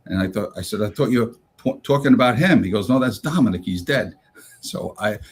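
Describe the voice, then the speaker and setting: A man's voice: on the low side, slightly rough. A retired rescue officer, a man, telling a first-hand story with many fillers and restarts, acting out what others said. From United States.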